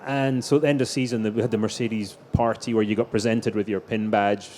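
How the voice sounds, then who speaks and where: A man's voice: fairly low pitch, steady tone, fairly quick, darkish tone, a little hiss or hum. A middle-aged man telling anecdotes as a guest in a live stage interview. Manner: anecdotal storytelling, frequent restarts. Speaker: racing driver guest.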